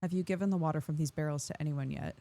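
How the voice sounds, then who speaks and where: A calm male doctor delivers his lines in a lower, matter-of-fact voice, as a woman reads his game dialogue aloud. He is measured and unhurried, never rattled. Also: no echo.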